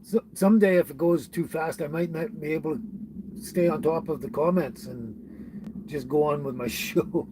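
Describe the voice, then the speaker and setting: This British Columbia livestream host chats casually from home, reading comments and welcoming viewers by name while chuckling a lot and stumbling over names. He has a fairly high voice at a normal speed, with background noise in the recording.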